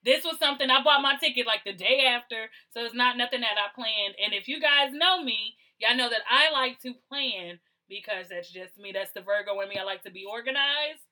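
A woman co-hosting a podcast, chatting casually and telling stories in a lively, apologetic way. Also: a little high, a little fast, hardly any pauses, low-quality recording. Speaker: podcast co-host. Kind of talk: casual chat.

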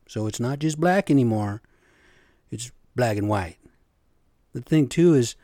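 A man's voice: medium pitch, darkish tone, dry recording, studio quality. A middle-aged man hosting a solo podcast, ranting bluntly and profanely in an exasperated way, talking straight to his listeners. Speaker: podcast host. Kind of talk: opinionated solo podcast rant.

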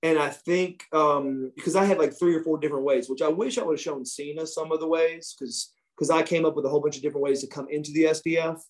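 A man, a former wrestler, telling profane, animated backstage stories as a guest in a casual interview. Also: fairly high pitch, quick pace, few pauses.

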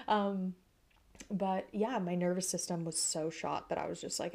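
Young woman, podcast host, low gravelly voice, soft rambling storytelling with whispered asides. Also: slow pace, pauses often. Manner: soft-spoken, many fillers, drifts into whispers. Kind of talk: personal storytelling.

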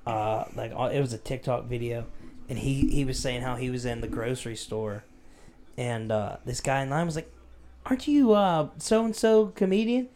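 A man's voice: mid-range voice, steady tone, moderate pace, darkish tone. A man co-hosting a podcast who chats in an easygoing way and retells stories with lots of fillers. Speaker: podcast co-host. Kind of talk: casual chat.

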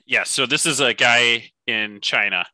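A man's voice: mid-range voice, a little slow, pushed and bright, dry recording. A man co-hosting a podcast, chatting casually and joking with plenty of laughs. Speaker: podcast co-host.

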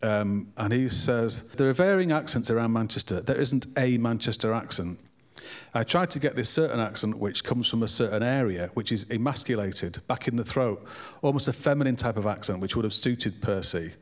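A man's voice: medium pitch, lively intonation, moderate pace. A man co-hosting a casual film discussion, opinionated and enthusiastic.

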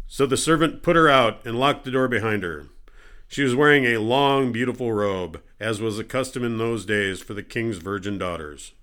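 Guy reading the bible aloud, steady and even, mid-range voice. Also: medium pitch, moderate pace. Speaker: scripture reader.

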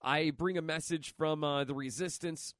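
A man voicing a young rebel giving a rallying speech that climbs in pitch and force. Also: fairly even intonation, normal speed, fairly bright tone, dry recording, clean studio sound, lightly acted. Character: young male rebel rousing a crowd.

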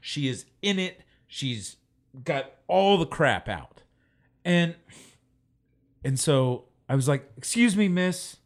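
A man co-hosting a casual podcast, telling stories. His pitch swings widely as he acts out the people in his anecdotes. He sits at a middle pitch for a man. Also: slow, pauses often. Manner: animated storyteller, acts out people he quotes. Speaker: podcast co-host. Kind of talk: casual chat.

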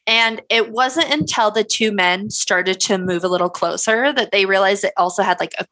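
A woman with a bright, clear voice tells a story on a casual podcast. She rambles and swears freely, and her talk is full of ums and likes. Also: medium pitch, normal speed, hardly any pauses. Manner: rambling, profane, filler-heavy. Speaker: podcast co-host telling a story.

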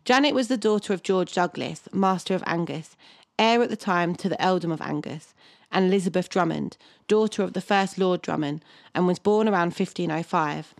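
A woman's voice: fairly low pitch, normal speed, creaky, no room sound. A woman co-hosting a podcast, reading a historical story from a script and stopping to banter and laugh over place names. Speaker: podcast co-host.

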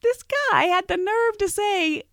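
A woman's voice: very high-pitched, slow, dry recording, clean studio sound. A woman hosting a podcast, telling a story casually, laughing often and acting out the people in it. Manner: giggly, animated, acts out quoted voices. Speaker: podcast host.

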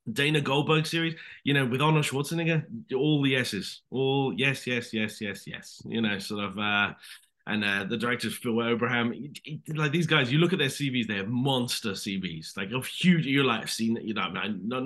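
A British man around forty, a guest actor telling rambling, animated stories in a casual podcast interview. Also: medium pitch. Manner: rambling animated storytelling, says "mate".

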